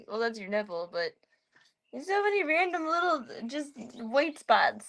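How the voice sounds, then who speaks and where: A woman's voice: on the high side, normal speed, gravelly, fairly bright tone. Woman cooing to her cat. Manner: cooing baby talk to a cat. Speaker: livestreamer. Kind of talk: casual chat to her pet cat.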